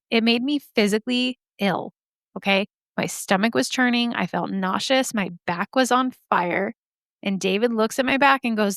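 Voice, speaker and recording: Woman podcast host, candid storyteller, smooth, clean dry close sound. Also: medium pitch, moderate pace, a bit bright, no echo. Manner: candid, chatty, swears freely. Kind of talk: casual storytelling.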